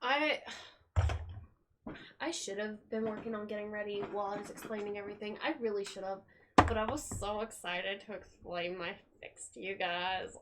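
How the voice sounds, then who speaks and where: A woman's voice: medium pitch, moderate pace. A young woman streamer chatting casually and rambling while packing at home, swearing offhandedly. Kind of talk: casual live-stream chat. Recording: steady background noise.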